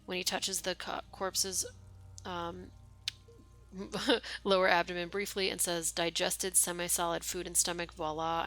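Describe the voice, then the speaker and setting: A woman streamer at home reads a game's lines aloud in a deadpan voice and breaks off for wry, swearing asides. Her voice is bright and forceful, pitched a little low. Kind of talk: reading game text aloud with casual commentary.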